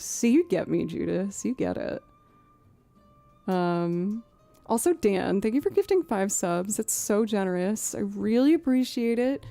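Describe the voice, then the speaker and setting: Boston-accented lady in her 30s rambling to her stream chat, mellow voice, bit of music behind. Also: mid-range voice, animated, measured pace, gravelly, no room sound. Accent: Boston with a creeping Southern twang. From New England, outside Boston. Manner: chatty, rambling, many fillers, thanks viewers. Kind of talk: casual live-stream chat.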